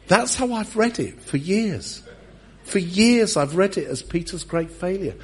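A husky pastor preaching at a church service, mixing humor into his storytelling. His voice sits a little high for a man and turns rough at the edges. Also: expressive, measured pace. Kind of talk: sermon.

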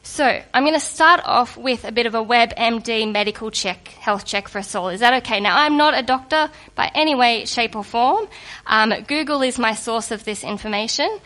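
Woman, sermon, fairly high voice, chatty and playful, getting over a cold. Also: normal speed. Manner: lively, conversational and humorous. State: recovering from a cold. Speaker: preacher.

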